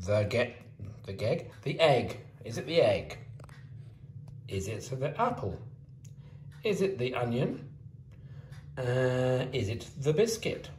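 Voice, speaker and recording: A man teacher asking young children maths quiz questions in a slow, sing-song way. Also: medium pitch, slight background noise. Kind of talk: early years maths quiz video. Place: home kitchen. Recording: roomy echo.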